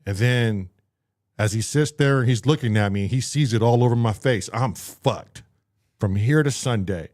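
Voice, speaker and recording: A man's voice: mid-range voice, moderate pace. A man casually telling a story on a talk show, acting out what people said and swearing freely. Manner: animated, acts out voices in his story. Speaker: podcast co-host telling a story.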